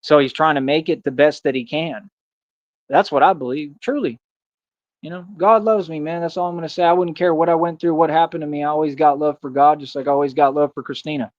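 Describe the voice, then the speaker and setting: A man's voice: a little high, steady tone, quick pace, dry recording. A man talking earnestly in a casual vlog monologue, leaning on "man" and "bro" for emphasis. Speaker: street performer in a Batman costume. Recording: dull lo-fi dry sound.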